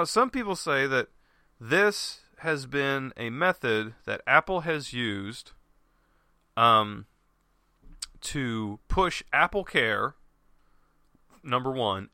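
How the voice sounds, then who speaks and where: A man's voice: mid-range voice, bright, forceful tone, dry recording, clean studio sound. A man ranting angrily in a rambling, profane monologue, full of restarts and curses, as host of his own show.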